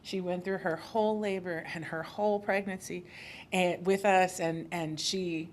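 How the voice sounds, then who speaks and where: A woman who works as a birth worker, telling an animated story in a speech at a podium in an event hall. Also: fairly low pitch, unhurried, a little hiss or hum.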